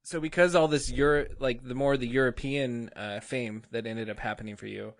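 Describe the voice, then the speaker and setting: A man's voice: medium pitch, steady tone, moderate pace. A man hosting a podcast, laughing along and asking long, rambling questions in casual chat. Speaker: podcast host.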